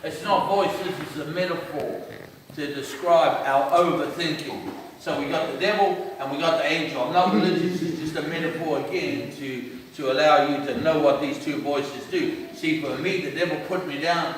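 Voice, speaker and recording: A man's voice: on the high side, moderate pace. Joking New man on stage. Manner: joking, teasing the crowd, slangy. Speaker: comedic speaker. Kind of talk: stand-up-style talk to audience. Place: stage in a large hall. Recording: echoey hall from far off, audience noise.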